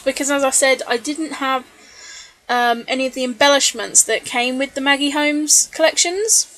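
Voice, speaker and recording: Chatty woman narrating crafts. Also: high voice. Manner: chatty, relaxed, with many ums and little laughs. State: tired late at night. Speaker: scrapbooking vlogger. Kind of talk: voice-over narration of a crafting process video. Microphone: voice-over recorded separately from the video.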